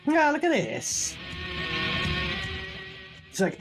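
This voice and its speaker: A man's voice: very high voice, sing-song, normal speed, long pauses, over music. Sarcastic man mocking a film. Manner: sarcastic, swearing, talks over the film. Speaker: movie reviewer. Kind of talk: casual film commentary.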